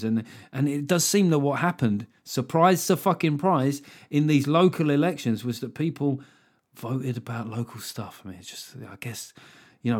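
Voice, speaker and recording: A man's voice: medium pitch, darkish tone. A young English man hosting a podcast alone, chatting casually with sardonic, rambling asides and frequent swearing. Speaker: podcast host. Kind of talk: casual solo political chat.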